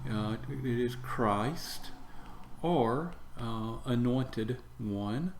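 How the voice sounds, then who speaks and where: A man teaching Greek vocabulary in a slow lesson. He repeats each word for drill and fills pauses with "uh". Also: medium pitch. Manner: slow, repeats words for drill, many "uh" fillers. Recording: echoey room with faint background noise.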